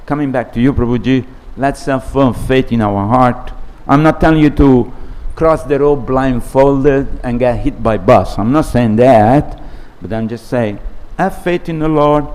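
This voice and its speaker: A man's voice: mid-range voice, a little mellow. A man giving a scripture class, telling a personal story in a conversational way. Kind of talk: sermon with a personal anecdote.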